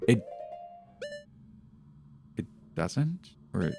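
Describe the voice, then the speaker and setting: Male streamer, low voice, very animated pitch, live gameplay chatter, faint game music behind. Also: very slow, creaky. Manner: animated, talks to chat and jokes about his fails.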